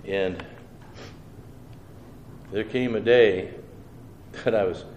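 This preacher speaks extremely slowly in a lowish, slightly mellow voice with fairly even intonation. He tells his personal testimony with earnest, homespun storytelling, acting out what he thought and replied, in a roomy space with faint background noise.

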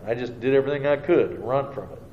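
Talking fast in a mid-range voice, a man who preaches recounts his personal testimony earnestly and in homespun terms, voicing his own thoughts and answers. The audio sounds dull and roomy, with faint background noise.

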